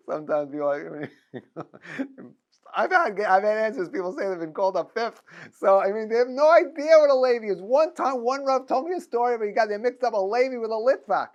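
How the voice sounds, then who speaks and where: A middle-aged man teaches a class in a loose, conversational way. His voice sits a little high, and he restarts sentences often and laughs lightly between his stories. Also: brisk, highs cut off. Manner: animated storyteller, many restarts and chuckles. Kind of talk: informal lecture with anecdotes.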